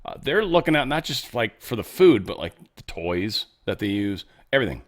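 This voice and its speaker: Male host, casual sarcastic commentary, lively pitch, loud-to-muttered swings. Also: normal speed. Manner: loose, joking, sarcastic, swings between loud bursts and low mutters. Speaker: show host.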